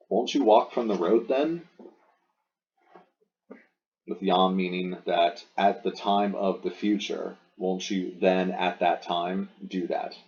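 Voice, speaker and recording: A low-voiced man talks slowly through a grammar lesson, explaining each step patiently and stopping to rephrase. The recording is dull and lo-fi. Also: dark tone. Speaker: Latin teacher. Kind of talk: recorded lesson walking through exercise sentences.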